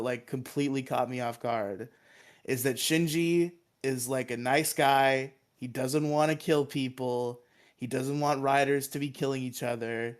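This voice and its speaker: A man co-hosting a podcast, eagerly retelling a show's plot in a rambling, casual way, swearing and laughing often. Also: medium pitch. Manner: excited, rambling, swears and laughs often, acts out quoted lines. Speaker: podcast co-host.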